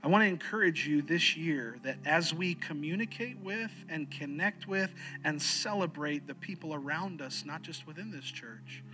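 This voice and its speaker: Earnest bright-voiced man preaching. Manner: earnest, emphatic preaching, dropping low and slow for weight. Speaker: pastor. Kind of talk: sermon.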